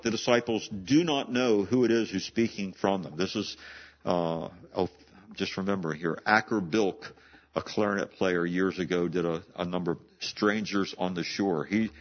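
A man preaching a sermon in a conversational way, often repeating and restarting words. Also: fairly low pitch. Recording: dull lo-fi sound.

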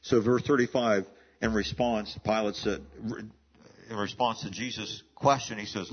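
A pastor delivers an expository sermon in a conversational teaching style, his lowish voice steady, unhurried and slightly rough. He often restarts and repeats words mid-sentence, and the lo-fi recording sounds muffled.

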